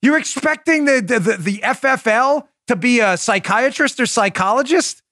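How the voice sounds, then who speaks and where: Male political show host, sarcastic, mocking, high bright voice, dry close mic. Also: lively intonation, moderate pace, no echo. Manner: mocking, acts out scenes in mimicked voices.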